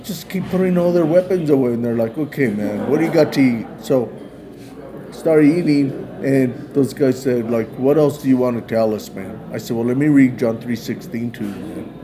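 A man's voice: medium pitch, moderate pace. A man casually retelling a story in a loose, rambling way, peppered with "man" and "like". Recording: busy crowd chatter behind.

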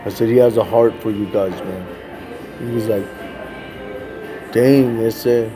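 A man's voice: on the low side, steady tone, a little slow, over music. A man, a street evangelist, telling a testimony in a casual way, often saying "man" and "like" and acting out the people he quotes. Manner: casual, repeats "man" and "like", acts out quoted voices. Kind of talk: testimony storytelling.

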